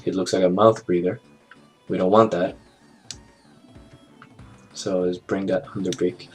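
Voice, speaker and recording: A man walking through an animation software tutorial in a casual, think-aloud way, with fillers and small jokes. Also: low voice, level tone, unhurried. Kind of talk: screen-recorded software tutorial narration. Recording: clear background music under the voice.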